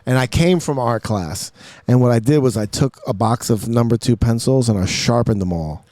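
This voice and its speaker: A man's voice: mid-range voice, moderate pace, mellow, dry recording. A man hosting a podcast, telling school stories in loose, profane casual chat in a studio. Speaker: podcast host.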